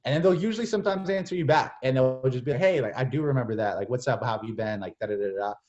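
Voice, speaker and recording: A young man giving casual, energetic coaching as a mentor, slipping into playful acted-out phone chats with lots of "like" and "bro". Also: medium pitch, racing. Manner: energetic, repeats "like" and "bro", acts out texts and calls. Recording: slightly dull lo-fi audio.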